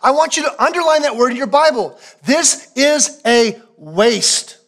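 A man preaching a sermon as pastor, emphatic and repetitive, sometimes dropping to a low, quiet voice for solemn points. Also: expressive, measured pace. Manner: emphatic preaching, repeating phrases for weight.

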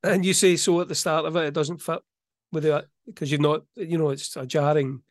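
A middle-aged man chatting as a podcast co-host. His voice sits a little high and bright, and his delivery is relaxed and wry, with a touch of self-mockery. The sound is close and dry, with no room in it. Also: brisk, no echo. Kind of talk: casual chat.

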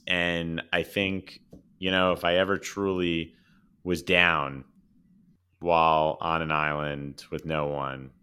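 A man with a very low, smooth and resonant voice co-hosts a casual podcast. He talks with eager, jokey enthusiasm and sometimes restarts his sentences when he gets excited. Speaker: podcast co-host. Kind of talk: casual chat.

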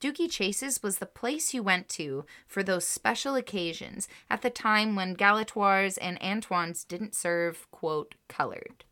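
This podcast co-host speaks a little slowly and with few pauses, her mid-range voice pushed and bright. During casual chat, she reads aloud a researched story and quotes, then reacts to them emotionally.

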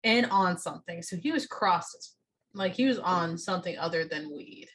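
A woman telling a story in casual chat, relaxed and matter-of-fact. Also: on the low side, normal speed, slight background noise.

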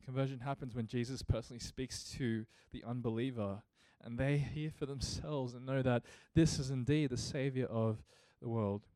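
A man preaching with a mellow, warm tone in a dry, close sound. He speaks earnestly and builds his points into emphatic rhetorical questions, like a pastor in the pulpit. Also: mid-range voice, fairly even intonation, normal speed, hardly any pauses, no echo. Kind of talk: sermon.

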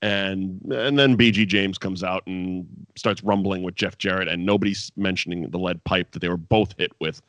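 Casting note: over-caffeinated male podcast co-host, exasperated and sweary, bursts up high when annoyed, dry close sound. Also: steady tone, moderate pace, few pauses, fairly bright tone, no room sound. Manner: exasperated, sweary, ranting with sudden high outbursts. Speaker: podcast co-host reviewing wrestling. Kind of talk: casual profane rant.

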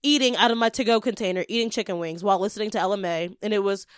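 A young woman hosting a podcast, casually telling an animated story and acting out the quotes. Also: rapid-fire, clean tone, dry recording, clean studio sound. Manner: animated, acts out quotes with big pitch jumps.

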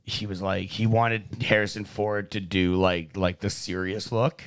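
A man hosting a casual podcast, telling jokes and stories in an animated way and swearing freely. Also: lowish voice, measured pace. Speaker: podcast host.

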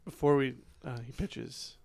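A man playing a tabletop game, animated and mischievous. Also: mid-range voice, unhurried, vocal fry. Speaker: player. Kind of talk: casual tabletop play.

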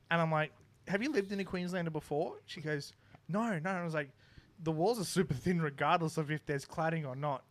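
A man's voice: on the high side, fairly quick. Young man telling a story. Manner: animated, laughing, acting out neighbours. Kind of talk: casual anecdote.

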